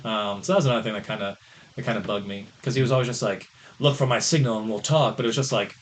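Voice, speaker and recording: A man's voice: fairly low pitch, fast talker. A young man co-hosting a podcast, chatting casually about movies in a rambling way, filling his sentences with "like". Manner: rambling, heavy use of "like". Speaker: podcast co-host.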